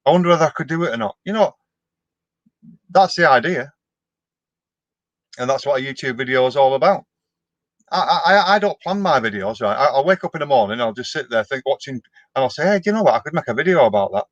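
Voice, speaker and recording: A man's voice: mid-range voice, expressive, a little fast, pauses often, no room sound, dull audio. A middle-aged man, chatting casually on a live stream as he answers viewer comments, with a down-to-earth manner and frequent restarts. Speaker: vlogger hosting a live stream.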